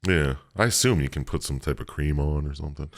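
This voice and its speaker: A man co-hosting a podcast, casually recapping a video game's story and laughing often as he retells scenes. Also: very deep voice. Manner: laughs often, retells with quick silly voices. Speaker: podcast co-host recapping a game. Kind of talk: casual chat.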